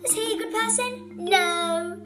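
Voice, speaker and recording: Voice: extremely high pitch, fairly even intonation, measured pace, voice pushed up. A child playing a boastful, scatterbrained female witch villain in a fan role-play video, with music behind. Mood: gleeful. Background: background music.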